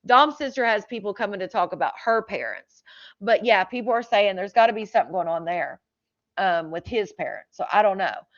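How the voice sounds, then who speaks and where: A woman's voice: medium pitch, lively intonation, a little fast. A woman chatting through true crime commentary, reading text messages aloud with lots of fillers. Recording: slightly dull lo-fi audio.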